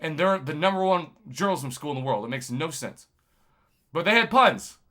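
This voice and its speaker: A man, a YouTube journalist, talking to camera in a rambling, impassioned monologue full of shout-outs. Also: a little high, animated, moderate pace. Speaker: YouTube video game journalist.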